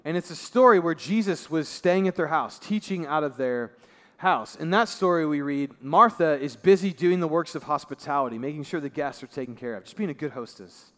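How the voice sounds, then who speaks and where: A male pastor giving a sermon in a conversational way, dropping his voice low and soft for emphasis. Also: animated, a little fast, hardly any pauses. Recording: long reverb of a large hall.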